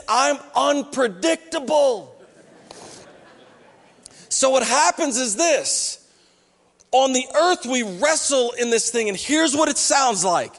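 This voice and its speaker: His voice is very high with a fairly bright tone as he preaches to a church hall. The male pastor keeps things conversational, performing the voices of those he quotes.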